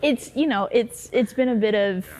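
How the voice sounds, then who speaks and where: A woman's voice: on the high side, moderate pace, darkish tone, a little hiss or hum. A woman with a Southern American accent, a co-pastor talking casually in an interview, chatty, laughing easily and searching for words. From Southern United States, Memphis. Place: church on location.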